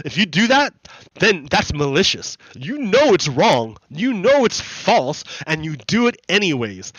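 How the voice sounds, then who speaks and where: Hosting a gaming channel, a man gives casual commentary over gameplay, explaining things repetitively and haltingly, with many restarts. His voice is high, very animated and a bit bright; the recording is muffled and has no room sound.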